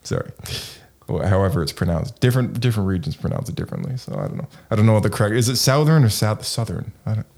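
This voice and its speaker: A man's voice: lowish voice, fast talker, darkish tone. A man co-hosting a casual chat, rambling and full of fillers and hedges. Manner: rambling, filler-heavy, hedging. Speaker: podcast co-host.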